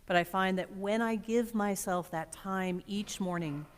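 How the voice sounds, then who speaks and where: A woman pastor delivering a reflective sermon in a church, expressive and measured, with dramatic pauses. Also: medium pitch, clear, resonant tone. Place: church sanctuary. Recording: long church reverb.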